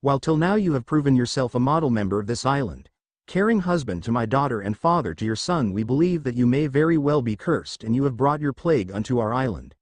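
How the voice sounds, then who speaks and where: A commanding warrior queen formally delivers her verdict, read by a man. Her lines rise and fall in a lively way, and the sound is dry and close. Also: mid-range voice, fast talker, dry recording, close to an everyday voice. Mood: stern. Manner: formal, pronouncing judgment. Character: stern commanding warrior queen, older woman.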